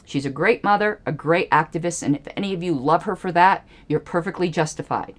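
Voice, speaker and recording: A woman's voice: fairly low pitch, brisk. A woman hosting a livestream, giving angry, emphatic political commentary with pointed repetitions. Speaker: livestream host.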